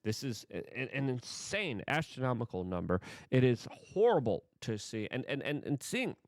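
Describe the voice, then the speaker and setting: An excitable male host delivers political commentary in a lively, swooping voice that rises and falls all over the place. He stumbles over his words and repeats himself as he talks. The sound is dry and close, with no room to it. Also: medium pitch, normal speed, dry recording.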